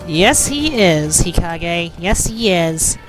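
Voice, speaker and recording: A woman giving loud, playful gaming commentary, bickering as she plays. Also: fairly low pitch, expressive, slow pace, over music. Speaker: let's play host.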